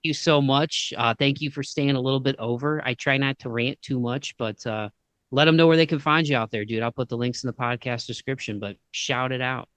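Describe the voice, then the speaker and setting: Laid-back Midwestern podcast host. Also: male voice, medium pitch, fairly even intonation, brisk, fairly bright tone, clean tone, no room sound. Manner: laid-back, slangy, says "dude" and "man" often. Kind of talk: casual interview chat.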